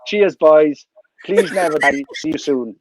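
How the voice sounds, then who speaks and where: A man's voice: on the high side, measured pace, poor audio. A Welsh man as a guest on a podcast video call, cheeky, self-mocking and sweary. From Wales. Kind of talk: casual chat.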